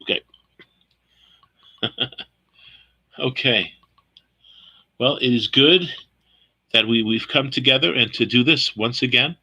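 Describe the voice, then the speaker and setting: Bright-voiced man leading a Bible study. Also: medium pitch, slow, pauses often, husky, low-quality recording. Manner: hesitant, repeats words, asks for questions.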